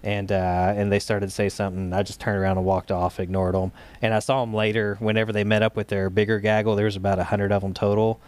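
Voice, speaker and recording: A man with a slightly low voice and a drawl, talking as an interview guest. He tells his story in loose, rambling runs, with many "uh"s and restarts along the way. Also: level tone, quick pace, hardly any pauses, darkish tone, no room sound. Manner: talks in loose runs with frequent fillers and restarts. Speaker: guest, state director of a gun rights group.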